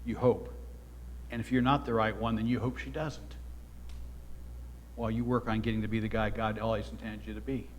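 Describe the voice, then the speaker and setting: A man's voice: lowish voice, flat delivery, brisk, long pauses, slight background noise. Earnest man preaching in a reverberant hall. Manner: earnest, exhorting, swells louder for emphasis. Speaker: pastor. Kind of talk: sermon. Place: church sanctuary.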